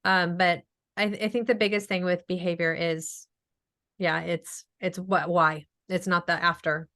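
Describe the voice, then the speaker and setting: A woman's voice: on the low side, fairly even intonation, unhurried, sharp tone. A woman speech-language pathologist answering questions in a casual webinar, chatty with frequent ums and acted-out quotes.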